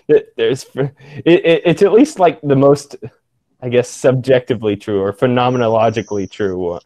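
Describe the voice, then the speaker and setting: A man hosting a casual conversation over a video call, hesitant, with halting restarts. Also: fairly low pitch, mellow, no room sound. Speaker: host.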